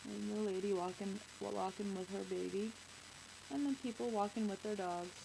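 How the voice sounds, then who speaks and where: A woman's voice: medium pitch, fairly even intonation, normal speed, creaky, noisy background. A woman hosting a children's show, reading a picture book aloud and chatting with kids, asking them questions.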